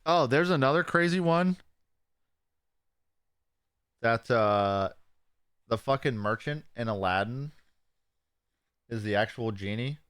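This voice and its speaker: A young man co-hosting a casual podcast, swearing often and telling stories with animated quoted voices. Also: medium pitch, slow pace, pauses often, clear, resonant tone, no room sound, studio quality. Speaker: podcast co-host.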